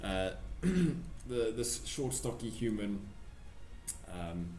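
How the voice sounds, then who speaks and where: A man narrating a tabletop game as game master, halting with many fillers. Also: fairly low pitch, big pitch swings, darkish tone, roomy sound.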